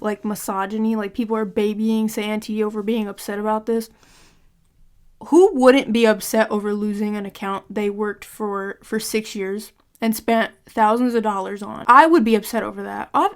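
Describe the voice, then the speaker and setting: A young woman in a vlog rants at her audience in a blunt, exasperated way and swears often. Her voice sits a little high for a woman. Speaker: gaming content creator. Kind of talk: ranting vlog monologue.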